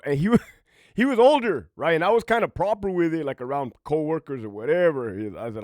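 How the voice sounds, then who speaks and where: A man's voice: mid-range voice, big pitch swings, fairly quick, a little mellow, no echo, studio quality. A former prison officer telling a casual, profane story from his own life, laughing often as he talks.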